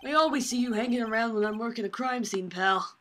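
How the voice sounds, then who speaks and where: A woman voicing a gruff, overworked male police detective in an amateur game reading. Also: on the high side, fast talker, a bit bright, slight background noise, lightly acted, poor audio. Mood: grumbling.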